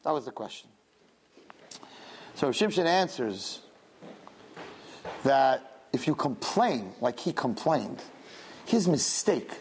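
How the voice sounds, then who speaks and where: A woman's voice: sits low, slight background noise. A woman giving a religious lecture to young women, telling stories animatedly and acting out the dialogue. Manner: animated storytelling, acts out dialogue. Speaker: Torah teacher.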